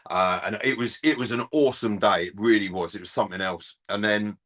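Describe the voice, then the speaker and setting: A middle-aged man telling a lively fan story in casual chat, acting out the voices of people on the phone. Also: fairly low pitch, fairly quick. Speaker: presenter and fan-channel regular.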